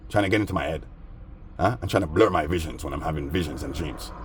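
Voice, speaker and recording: A man's voice: a bass voice, quick pace, a little hiss or hum. A man rambling through a story in casual street slang, aggrieved and agitated. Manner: streetwise, peppered with "man" and "bro". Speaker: vlogger.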